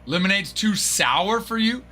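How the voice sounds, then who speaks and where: Man, stream host, keen and very bright tone, slightly high, laughs a lot, chats with viewers by name. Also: animated, measured pace. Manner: joking, laughs often, answers viewers by name. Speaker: card break livestream host. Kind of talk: casual livestream chat.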